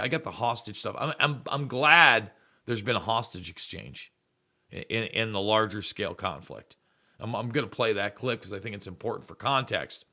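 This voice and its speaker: Male commentary host, bright forceful tone, rambling and sarcastic. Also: on the low side. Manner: rambling, repeats words, sarcastic asides. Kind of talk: casual political commentary show.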